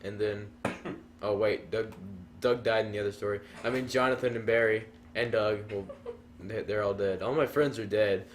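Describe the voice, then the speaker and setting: A man's voice: fairly low pitch, steady tone, moderate pace, slight background noise. A man chatting casually while playing a game, rambling through a silly made-up story. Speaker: let's play commentator. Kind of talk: casual gaming chat.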